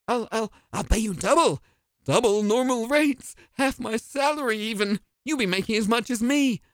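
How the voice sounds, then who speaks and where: Flustered, stammering man, higher voice. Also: expressive, moderate pace, no room sound. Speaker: comedy performer playing a pompous employer. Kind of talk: scripted audio comedy.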